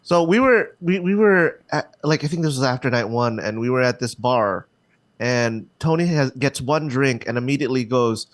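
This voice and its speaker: A man's voice: mid-range voice, moderate pace, no echo. A man co-hosting a show, chiming in with short teasing asides. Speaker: podcast co-host. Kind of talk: casual chat.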